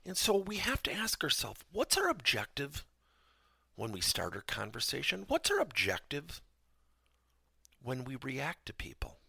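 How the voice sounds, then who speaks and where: A man hosting a podcast lesson, telling stories with animated delivery and acting out both sides of conversations. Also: medium pitch, unhurried, vocal fry, slightly rough, no room sound. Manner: animated storytelling, acts out dialogue in raised voice. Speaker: podcast host and trainer.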